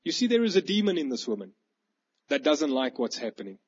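Husky male preacher, fairly high voice, animated storytelling, dull lo-fi recording. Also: brisk. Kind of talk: storytelling sermon.

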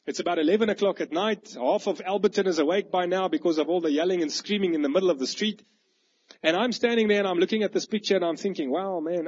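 A man, preaching a sermon with animated, vivid storytelling. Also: high voice. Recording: dull lo-fi recording.

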